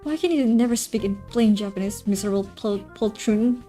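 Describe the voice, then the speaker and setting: A woman's voice: medium pitch, a little fast, dark tone, soft background music, close to an everyday voice. A woman voicing a proud, haughty young nobleman in a visual novel, speaking indignantly.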